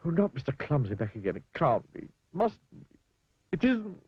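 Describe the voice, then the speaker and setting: A man voicing a fussy, tidy storybook character who sounds prim, put-upon and quick to groan. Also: fairly high pitch, big pitch swings, breathy edge, lo-fi sound, voice pushed up, heavily acted. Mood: exasperated.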